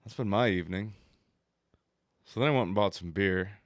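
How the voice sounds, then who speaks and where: Gravelly-voiced man joking crudely on a podcast. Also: on the low side, moderate pace, no echo, studio quality. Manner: rambling, crude jokes, mock painting-show narration. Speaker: co-host. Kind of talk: crude comedic podcast banter.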